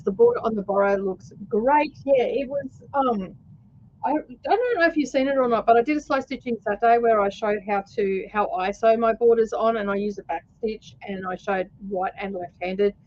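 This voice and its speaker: A woman's voice: a little high, moderate pace, a little mellow, a little hiss or hum. Chatty Australian woman, lo-fi home stream. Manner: chatty storyteller, laughs often, many fillers. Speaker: host. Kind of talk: casual livestream chat.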